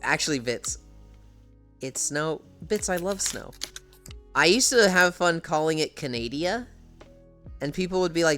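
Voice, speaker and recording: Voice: mid-range voice, expressive, moderate pace, long pauses, fairly bright tone, soft background music. A young adult streamer from the United States, chatting casually at home with viewers, laughing often and swearing freely. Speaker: live streamer. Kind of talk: casual live-stream chat, answering chat.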